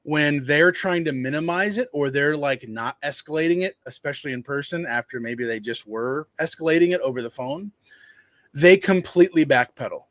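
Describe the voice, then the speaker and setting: A man with a somewhat high voice tells a customer story in a loose, rambling way, full of restarts and asides. He acts out other people's lines as he goes. The sound is dry and close, with no room echo. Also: moderate pace, a bit bright. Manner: rambling, conversational, acts out quotes in a higher voice. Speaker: dumpster rental business owner. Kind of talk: casual storytelling vlog.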